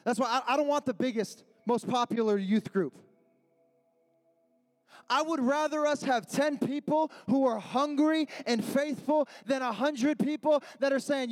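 A young man preaching a youth sermon in a slangy, repetitive style, building to shouted refrains. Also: very high voice, normal speed. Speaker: youth pastor. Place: youth service gathering.

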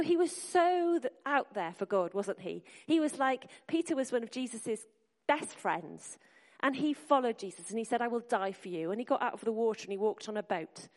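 A woman's voice: a little high, expressive, brisk. A woman preaching a sermon to a congregation in an earnest, encouraging way, speaking directly to the listeners. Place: church hall. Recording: long hall reverb.

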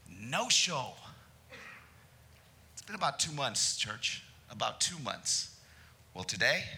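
A male pastor preaching to his church, telling a story in a lively, joking way. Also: medium pitch, low-quality recording. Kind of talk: sermon with storytelling.

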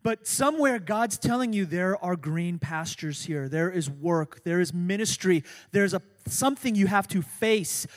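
A middle-aged man preaching a sermon as pastor, swinging from soft, low asides to loud, urgent emphasis. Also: expressive, unhurried, hardly any pauses. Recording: long hall reverb.

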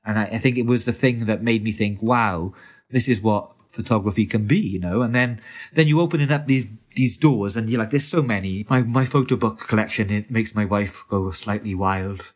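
A man's voice: lowish voice, fairly quick. Eager, stumbling male photographer guest. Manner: enthusiastic, stumbling restarts, many fillers. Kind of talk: conversational interview.

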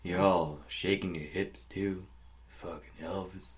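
Guy doing cranky old geezer voice, slow and low, grumbles on. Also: fairly even intonation. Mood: grumbling. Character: grumpy old man complaining about modern music.

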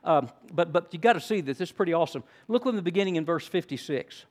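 An older man preaching a sermon, teaching in a friendly way and rising to loud, emphatic stresses. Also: fairly high pitch, expressive, quick pace. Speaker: pastor.

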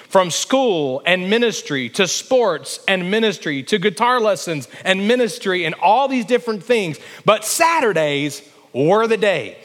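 A man's voice: sits high, a bit bright. A young man from Alabama, preaching a sermon and telling stories while calling for responses from the congregation. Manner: storytelling, calls for congregation response. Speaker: pastor. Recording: long reverb of a church hall.

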